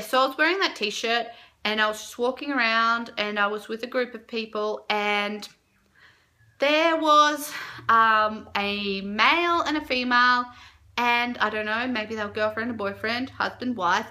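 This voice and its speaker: At a measured pace, a young woman vlogs a story to camera, animated and casual, filling it with fillers while her reactions spike up high.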